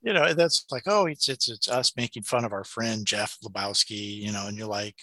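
A middle-aged man chatting casually as a podcast co-host, an animated storyteller who laughs often and acts out quotes. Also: lowish voice, normal speed, dry recording. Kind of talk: casual chat.

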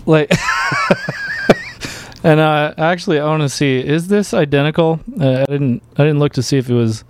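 A man hosting a live political talk show, speaking in an animated, emphatic way. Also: on the high side, fairly quick, background noise. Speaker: host.

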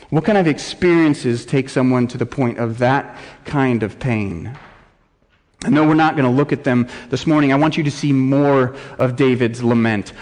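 A man preaching a sermon as pastor, building from quiet gravity to impassioned cries when he reads laments aloud. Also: mid-range voice. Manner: impassioned, rising to near-shouts when reading laments. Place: church sanctuary. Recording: long church hall reverb.

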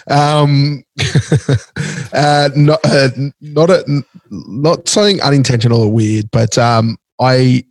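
A young Australian man talking in a relaxed, halting way, full of ums and restarts. His voice sits at an ordinary pitch and sounds dry and close. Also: no echo. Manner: halting, many fillers and restarts. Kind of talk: casual chat.

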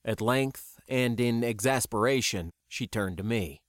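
A man narrating a science-fiction audiobook in a measured, even storytelling voice. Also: mid-range voice, no room sound, studio quality.

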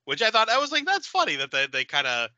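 A man hosting a podcast, retelling a film in a giggly, animated way. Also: on the high side, fast talker, no echo, dull audio. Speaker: podcast host. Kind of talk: casual film review chat.

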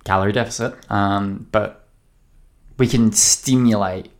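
A man's voice: lowish voice, fairly even intonation, a little slow, crowd noise. A man raised in the UK who now talks with an Australian accent, co-hosting a podcast in easygoing casual chat. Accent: Australian with a British background. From United Kingdom. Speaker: podcast co-host, trainer.

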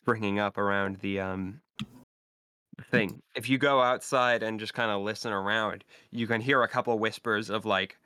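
A man narrating as the game master of a tabletop game who talks haltingly, with lots of fillers. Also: lowish voice, steady tone, bright, forceful tone, clear, resonant tone, no room sound, studio quality.

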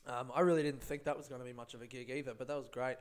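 A man's voice: medium pitch, steady tone, rapid-fire, clear, resonant tone. A young man, a stand-up comedian, rambling laid-back through a casual solo podcast on a close microphone, swearing often.

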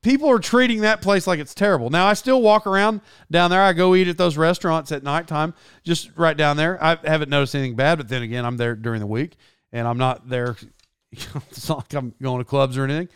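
Oklahoma guy, slight twang, chatty podcast storyteller, gravelly but clean tone, dry close mic. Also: a little high, a little fast, a bit bright, no echo. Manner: rambling, self-correcting, laughs often. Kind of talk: casual storytelling chat.

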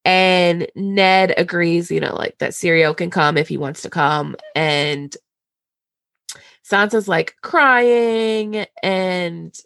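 A woman's voice: on the low side, slow, gravelly, fairly bright tone, dry recording, clean studio sound. Blunt, casual woman podcast host. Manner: blunt, casual and profane, drifts into character voices.

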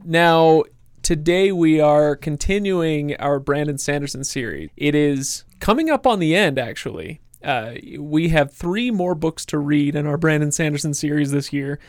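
Slightly high-voiced joking man host. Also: no echo, clean studio sound. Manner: joking, many fillers and restarts. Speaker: podcast host. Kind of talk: casual chat.

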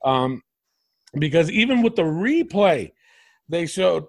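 A man's voice: a little high, takes it slowly, no echo, clean studio sound. A man hosting a casual podcast chat, talking animatedly and swearing freely. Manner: animated, swears, mimics commentators. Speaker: podcast host. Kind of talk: casual wrestling review chat.

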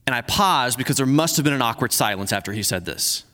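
A man preaching a sermon, earnest and halting, who repeats himself and slows down to read scripture softly. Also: medium pitch, animated, big-room sound. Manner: earnest, restarts often, reads scripture slowly and softly. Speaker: pastor.

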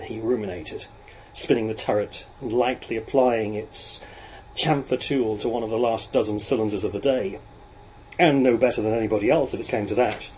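A man narrating a novel in a measured, even storytelling voice. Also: fairly low pitch, a little hiss or hum, rough recording. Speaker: audiobook narrator. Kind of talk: reading a novel aloud.

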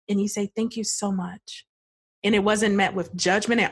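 A woman therapist with a soft, breathy voice, talking in a relaxed conversation. She tells stories with lively expression and slips into the voices of her clients as she describes them. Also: medium pitch, moderate pace. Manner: expressive storyteller, acts out client voices, laughs often. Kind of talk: podcast conversation.

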